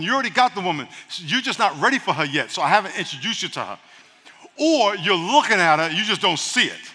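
A pastor preaching a sermon with humor and energy, calling on the congregation to answer back. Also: male voice, high voice, very animated, moderate pace, long pauses, pushed and bright, slightly rough. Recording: church hall reverb.

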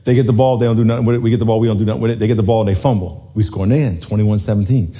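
A man in his forties, a little hoarse, telling a lively football story to a congregation, dropping low then shouting high. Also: racing. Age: 40s. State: hoarse from yelling. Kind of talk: animated storytelling sermon.

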